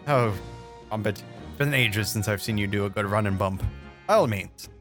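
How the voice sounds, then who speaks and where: A man's voice: on the low side, normal speed, a bit bright, soft background music. Dry, wry man at a game table. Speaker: player. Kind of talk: playing a tabletop role-playing game.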